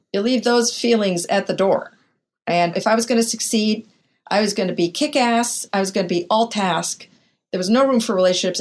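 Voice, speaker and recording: An older woman, a podcast guest and author, telling frank, vivid anecdotes in an interview. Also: medium pitch. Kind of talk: candid interview storytelling.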